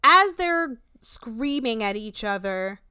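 Brief: woman, 30s, podcast co-host, animated retelling, dry close mic. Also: smooth, no echo. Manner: animated retelling, shifting quickly between pitches. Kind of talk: casual chat recapping a TV show.

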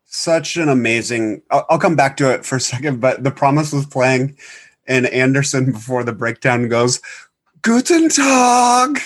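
A man's voice: medium pitch, steady tone, moderate pace. A man, a band guitarist, telling stories in casual podcast chat in a rambling way full of filler words. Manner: rambling, filler-heavy storytelling.

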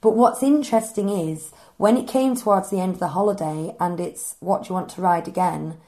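A woman's voice: on the low side, brisk, warm tone. A woman co-hosting a podcast, telling stories in a chatty, enthusiastic way. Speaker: podcast co-host. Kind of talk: casual chat.

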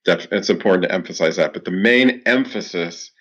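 Deep-voiced and a bit bright, a man talks fairly quickly while answering interview questions as a clinical psychologist. He explains at length, often using fillers and starting over, on a dull lo-fi recording.

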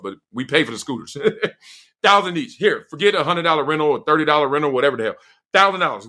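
Lively, bright-voiced man telling a wild story. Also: a little high. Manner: expressive, acts out quoted voices and sounds, laughs often. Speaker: podcast host. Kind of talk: animated storytelling.

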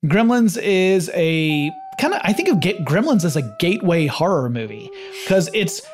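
A man co-hosting a podcast who explains and retells stories in an easy, casual way. His voice sits a little high for a man. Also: normal speed, faint music behind. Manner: explanatory, relaxed storytelling with restarts. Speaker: podcast co-host. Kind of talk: casual chat.

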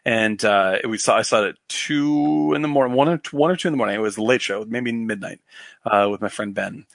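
A man's voice: lowish voice, a little fast, gravelly, fairly bright tone, no room sound, studio quality. Rambling, profane man in casual chat. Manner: rambling, profane, many fillers and restarts.

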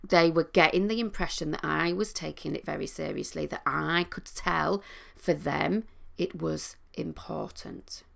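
A middle-aged woman, a coach and trained therapist, explaining listening skills in a calm, teaching manner. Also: sits low, vocal fry. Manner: calm, explanatory, with sing-song demonstrations. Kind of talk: talking to camera, teaching.

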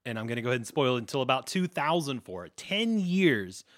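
A man's voice: mid-range voice, big pitch swings, fairly bright tone, no room sound, clean studio sound. A man co-hosting a casual podcast, jumping in playfully to add details and ask questions. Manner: quick, playful chiming in. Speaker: podcast co-host. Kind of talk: casual comic book chat.

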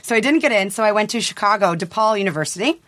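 A woman from Ohio chats as an interview guest, talking at an average pitch for her sex. She rambles through her stories with animated energy. Laughter often breaks into her talk. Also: fast talker. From Ohio, USA. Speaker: actress guest. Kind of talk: casual interview chat.

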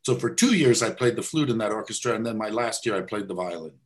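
Relaxed American man, wry storyteller. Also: lowish voice, quick pace. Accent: American Midwest. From United States. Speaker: guest conductor. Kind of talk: casual interview chat.

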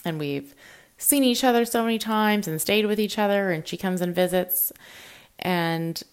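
A young self-employed woman talking candidly and emotionally about her work and feelings in a personal vlog, now and then acting out what others say in lively voices. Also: medium pitch, moderate pace, clear, resonant tone. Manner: emotional, confessional, quotes people in animated voices. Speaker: self-employed social media creator.

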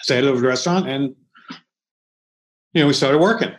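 A man's voice: mid-range voice, quick pace, rough recording. A middle-aged man telling a story in a casual interview, restarting often and swearing freely. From Philadelphia, United States. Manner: rambling, many restarts, swears freely, acts out quotes. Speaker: chef and interview guest.

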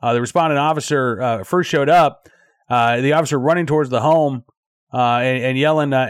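A man's voice: medium pitch, a little fast, no echo, studio quality. A man hosting a daily news commentary show, talking conversationally with frequent fillers and restarts.

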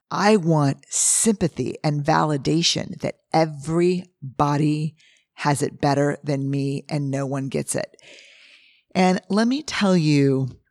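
A hoarse woman hosting a podcast, telling animated stories in a casual monologue and acting out what people said. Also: low voice, no room sound, clean studio sound. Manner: animated storyteller who acts out quotes, with frequent restarts. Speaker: podcast host and researcher. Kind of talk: casual monologue answering listener questions.

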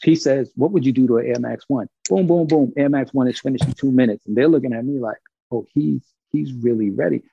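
Gravelly man from Brooklyn telling a story. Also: medium pitch, a little fast, dry recording, muffled recording. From Brooklyn, New York. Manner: animated, acts out quoted dialogue, swears freely. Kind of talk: casual storytelling.

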